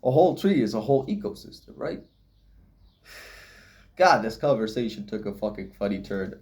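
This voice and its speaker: A man's voice: on the low side, very animated, normal speed, long pauses, darkish tone. A young man rambling philosophically in a casual solo vlog, swearing often and laughing at himself. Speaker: vlogger.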